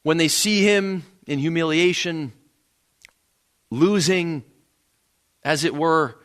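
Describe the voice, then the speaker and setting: A man's voice: fairly high pitch, takes it slowly, a bit bright, clear, resonant tone. A man preaching a sermon in a church, earnest, often repeating words as he builds a point. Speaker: pastor. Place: church sanctuary.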